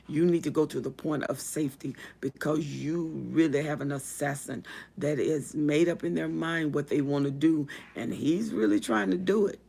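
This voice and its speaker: A woman hosts a live advice stream and speaks straight to her viewers. She repeats her key phrases for emphasis and slips into a preacher's cadence of prayer and encouragement, pausing to read comments aloud. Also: low-pitched, vocal fry, dark tone, breathy edge. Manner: emphatic and repetitive, preacherly, addresses viewers directly; religious encouragement.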